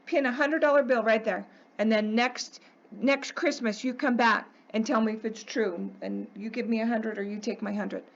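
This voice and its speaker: A woman's voice: a little high, steady tone, moderate pace, creaky, muffled recording. A woman math teacher lecturing her class, emphatic and coaxing, often checking in with "okay?".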